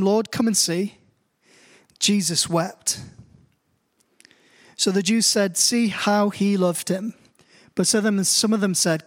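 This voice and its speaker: A British pastor with a notably high voice delivers a sermon in a church. He reads scripture in a slow, deliberate way, then tells personal stories with rising animation. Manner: storytelling, rising in pitch as he grows animated. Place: church hall.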